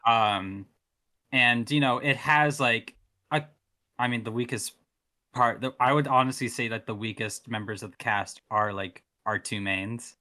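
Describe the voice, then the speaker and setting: A man's voice: medium pitch, unhurried, sharp tone. A man co-hosting a casual movie podcast, rambling with many fillers and casual swearing. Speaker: podcast co-host. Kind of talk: casual film-discussion chat.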